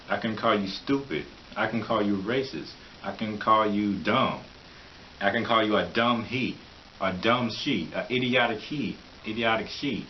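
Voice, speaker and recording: A man giving a rambling, opinionated vlog monologue, mocking and laughing often as he talks. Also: fairly low pitch. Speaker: vlogger. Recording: dull lo-fi recording with faint hiss.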